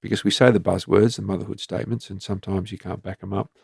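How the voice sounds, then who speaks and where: Gravelly, flat-voiced Australian man. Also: deep voice, quick pace, dry recording, clean studio sound. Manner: plain-spoken, frank, rambling with fillers. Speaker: retired police commander and guest. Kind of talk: candid conversational storytelling.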